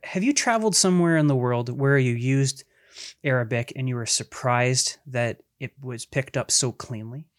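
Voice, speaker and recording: A man's voice: medium pitch, normal speed. Man hosting, rambling thoughtful questions. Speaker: podcast host. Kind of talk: casual interview questions.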